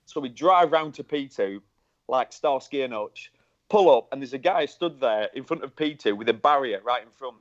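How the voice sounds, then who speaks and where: A man, co-presenting a casual chat and telling an animated anecdote with laughs. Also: medium pitch, a little fast. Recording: muffled lo-fi recording.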